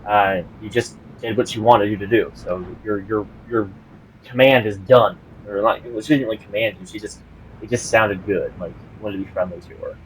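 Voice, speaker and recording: A man's voice: lowish voice, fairly even intonation, normal speed, a little hiss or hum, poor audio. A man narrating as game master of a tabletop game, hesitant, with lots of ums and restarts.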